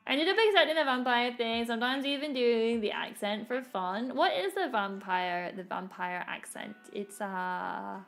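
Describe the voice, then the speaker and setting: Woman, giggly, rambly, slow talker, higher voice, faint music behind. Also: gravelly, fairly bright tone. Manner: giggly, rambling, laughs often. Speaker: streamer. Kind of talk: casual chat while drawing. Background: faint background music.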